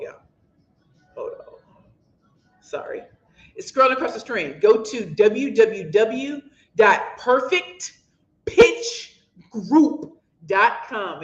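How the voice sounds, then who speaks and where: Impassioned woman speaker from St. Louis. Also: mid-range voice. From St. Louis, USA. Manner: impassioned, preachy, addresses viewers as y'all. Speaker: author and host. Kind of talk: motivational livestream talk. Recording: echoey, dull lo-fi room sound.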